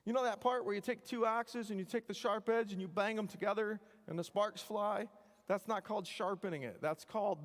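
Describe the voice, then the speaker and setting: A man, an engineering professor, giving a joking, animated devotional talk to students, full of wry asides. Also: high voice, brisk. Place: chapel hall. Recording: long hall reverb.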